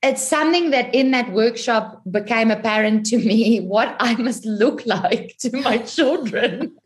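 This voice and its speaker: A woman co-hosting a podcast in casual chat, her voice pitched high. She listens closely, backs her friend up and laughs easily. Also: measured pace. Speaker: podcast co-host.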